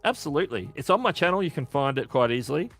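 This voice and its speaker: Faint music sits under this Australian livestream host as he runs a relaxed Q&A, fielding questions from chat. He talks quickly in a sing-song, fairly bright voice on the high side, chatting away and fixing his own sentences as he goes.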